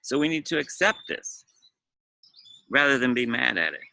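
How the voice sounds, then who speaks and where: Gravelly-voiced male dating coach. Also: medium pitch, big pitch swings, normal speed, bright, forceful tone, rough recording. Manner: emphatic, repeats phrases for emphasis. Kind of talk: advice monologue to camera.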